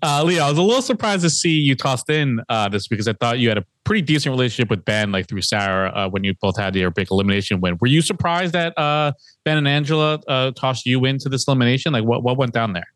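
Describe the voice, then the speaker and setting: A man's voice: mid-range voice, expressive, quick pace, hardly any pauses, fairly bright tone, no room sound. A man co-hosting a podcast, casually asking a contestant questions. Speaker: podcast co-host. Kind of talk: interview questions.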